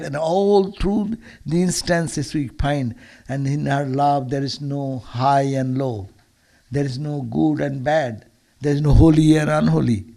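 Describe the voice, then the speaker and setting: A man's voice: mid-range voice, vocal fry, darkish tone. A man, a monk, giving a Sunday lecture as a storytelling sermon, earnest and often restarting or repeating words.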